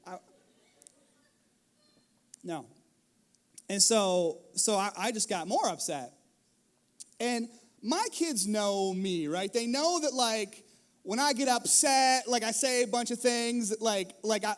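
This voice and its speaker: A middle-aged man, a pastor, preaching a sermon in a lively storytelling manner, acting out scenes from his family life. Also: very high voice. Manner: animated storytelling, acts out his kids and himself. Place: church stage.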